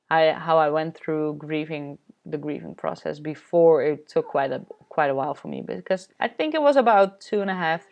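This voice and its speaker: A woman from the Netherlands, a spiritual coach, telling a personal story in a candid vlog, halting with many fillers. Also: deep voice. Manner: candid, confessional.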